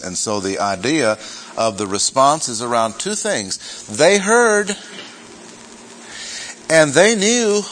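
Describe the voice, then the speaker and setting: A man's voice: medium pitch, fairly bright tone, a little hiss or hum, poor audio. A man teaching through a Bible chapter in a sermon, reading verses aloud and stressing key words. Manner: reads scripture aloud, self-correcting asides. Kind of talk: expository sermon.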